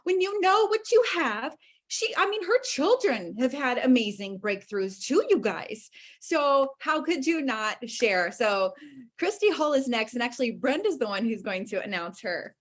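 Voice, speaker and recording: A woman hosting a group business call, bubbly and animated as she cheers on the listeners. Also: fairly high pitch, a little slow. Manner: bubbly, animated, acts out quotes.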